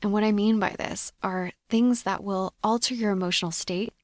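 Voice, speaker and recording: A woman hosting a solo podcast, talking in a measured, reflective coaching tone. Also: medium pitch, steady tone, dry recording, clean studio sound. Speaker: podcast host.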